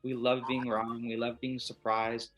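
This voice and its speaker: A man's voice: medium pitch, flat delivery, unhurried, fairly bright tone, faint music behind. An American man, an actor guest, chatting expressively and casually in an interview. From USA.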